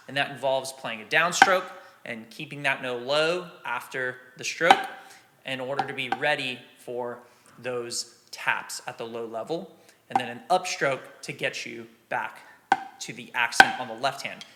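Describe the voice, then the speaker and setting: A man's voice: medium pitch, background noise. A man explaining drum exercises patiently and counting beats aloud as a teacher. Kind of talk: instructional drum lesson.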